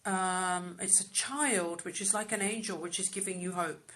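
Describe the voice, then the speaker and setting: Woman, psychic reader, live stream, soft murmuring, hesitant ums, phone mic. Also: fairly low pitch, steady tone, moderate pace.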